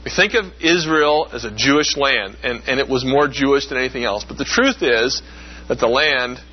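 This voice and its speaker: A man lecturing in a relaxed, conversational way, explaining with everyday comparisons. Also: mid-range voice, slightly rough, highs cut off. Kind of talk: classroom lecture.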